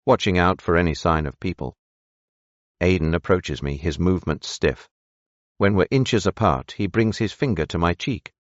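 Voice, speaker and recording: A man narrating a romance audiobook in the first person, steady, measured and intimate. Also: sits low, no room sound, muffled recording.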